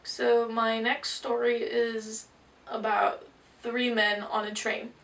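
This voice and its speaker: Gravelly woman interpreter telling jokes. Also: a little high, flat delivery, a bit bright. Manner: storytelling, brisk joke delivery. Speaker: sign language interpreter. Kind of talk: voicing signed jokes. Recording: distant mic.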